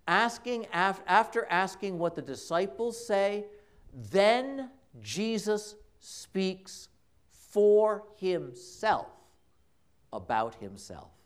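Priest giving a homily, male, slightly high voice, lively intonation, slow measured delivery, storyteller's knack for repetition. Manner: conversational, dramatic storytelling with emphatic repetition. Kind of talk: sermon. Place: church. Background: congregation.

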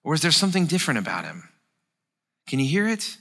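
A male pastor preaching a sermon, expressive and dramatizing the scripture as he explains it. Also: fairly high pitch, fast, vocal fry.

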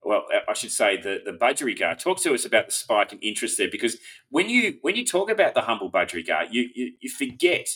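Male host, casual interview chat, relaxed, repeats words. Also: mid-range voice, fast talker.

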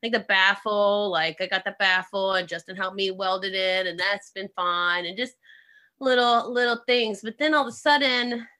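A woman's voice: medium pitch, flat delivery, normal speed, pushed and bright. A woman in casual chat, telling a long story with lots of fillers, swearing and laughing.

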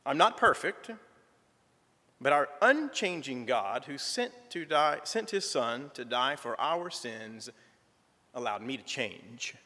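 Lively man giving church testimony. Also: medium pitch, takes it slowly. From southern United States. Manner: folksy storytelling with gentle humor. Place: church sanctuary. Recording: reverberant church sanctuary.

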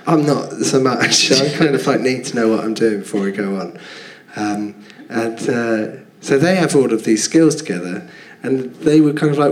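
A man's voice: mid-range voice, animated, moderate pace, few pauses. A male comedian telling a self-mocking story, rambling and laughing through it, as a guest on a live podcast. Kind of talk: comic anecdote on a live podcast. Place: theatre stage. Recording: echoey theatre stage.

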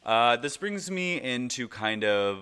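A man hosting a casual reality TV recap, excitable and gushing, talking loosely with lots of "like" fillers. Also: mid-range voice, takes it slowly, smooth.

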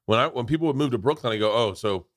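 A man's voice: mid-range voice, expressive, racing, no echo, clean studio sound. A man hosting a podcast, chatting casually with profane, laughing banter. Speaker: podcast host. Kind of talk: casual chat.

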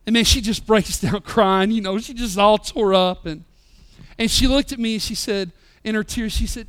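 A pastor in his thirties delivers an impassioned sermon. His voice sits very high and sounds bright and smooth, and he swings from loud calls to soft, close moments. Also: fairly quick. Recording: live church sermon podcast.

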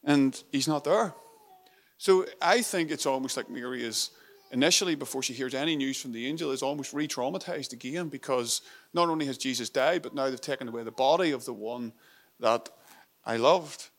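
A male preacher delivers a sermon in an earnest, intimate tone at a middling pitch. He repeats phrases for emphasis and sinks into a near-whispered hush on tender lines. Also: moderate pace.

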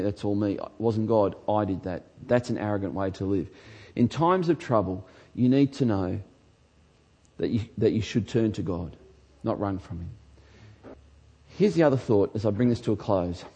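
A man who is a pastor, delivering an emphatic sermon in a church and rising to shouts on key lines. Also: fairly low pitch, expressive, moderate pace, husky.

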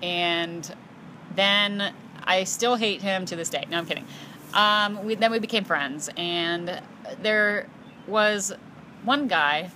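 A woman from the United States chats candidly on a podcast, joking and laughing as she tells a story. Her voice sits at an ordinary middle pitch. Steady traffic noise runs clearly behind her. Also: takes it slowly, poor audio. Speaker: podcast co-host. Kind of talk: casual chat, storytelling.

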